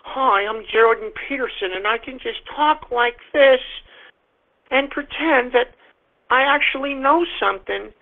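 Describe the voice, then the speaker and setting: A man putting on a mocking impression of a pompous male intellectual, speaking in a soft, slow, affected cadence over tinny phone-like radio audio. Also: very high voice, vocal fry, heavily acted.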